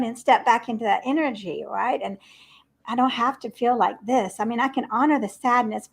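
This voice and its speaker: Gravelly, husky woman chatting. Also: a little high. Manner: chatty storyteller, laughs often. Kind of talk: casual livestream chat.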